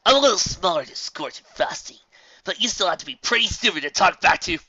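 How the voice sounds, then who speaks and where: A man's voice: high-pitched, animated, a little fast, pushed and bright, slightly rough, no room sound, distant mic, muffled recording, pitched above the performer's own voice, heavily acted. A man voicing an arrogant young bully colt pony in an audiobook reading, taunting and confrontational. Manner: boastful, confrontational.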